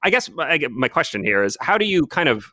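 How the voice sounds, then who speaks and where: Lively-voiced man hosting an interview. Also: fast talker, no echo. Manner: lively pitch, restarts while forming questions. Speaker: interview host. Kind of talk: conversational interview.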